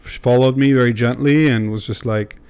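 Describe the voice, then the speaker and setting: A man's voice: mid-range voice, steady tone, brisk, a little mellow, clean tone. A young man chats on his podcast in a loose, unscripted way. He talks candidly and rambles, with fillers and casual swearing, in a mid-range voice. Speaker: podcast host.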